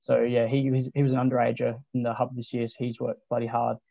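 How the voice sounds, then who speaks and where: A young Australian man in his late teens, a junior footballer chatting casually as a guest, relaxed and full of ums and restarts. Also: mid-range voice, quick pace, creaky, no room sound. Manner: laid-back, many ums and restarts. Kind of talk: casual interview chat. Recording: dull lo-fi dry recording.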